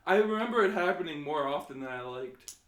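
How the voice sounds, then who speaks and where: A man's voice: fairly high pitch, expressive, fairly bright tone. Young man stammering through casual chat. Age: young adult. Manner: halting, stammering restarts. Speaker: podcast co-host. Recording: roomy echo.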